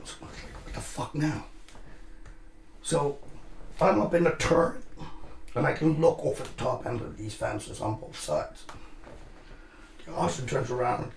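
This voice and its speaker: A man's voice: mid-range voice, normal speed, vocal fry, long pauses, roomy sound, a little hiss or hum. A man telling a rambling military story in casual chat, swearing constantly and acting out the voices of the people in it. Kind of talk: casual profane war storytelling. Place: live show room.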